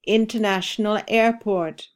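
A woman leads a scripted English lesson, pronouncing each word carefully so learners can repeat it. Her delivery is unhurried, and her voice is smooth and clear. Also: mid-range voice, steady tone. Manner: slow, carefully enunciated repetition. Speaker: ESL podcast teacher. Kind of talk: scripted language drill.

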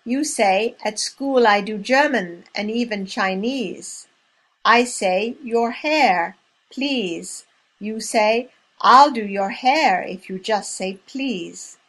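A woman leading a language lesson drill, speaking slowly and clearly and pausing between words. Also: medium pitch, fairly bright tone. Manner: clear, measured, spacing out each word. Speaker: language teacher. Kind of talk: slow, deliberate language drill.

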